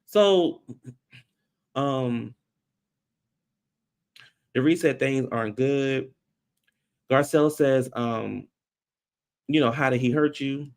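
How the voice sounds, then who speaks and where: A man giving casual, blunt recap commentary on a reality show, animated and slangy. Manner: animated, acts out quotes in high voices.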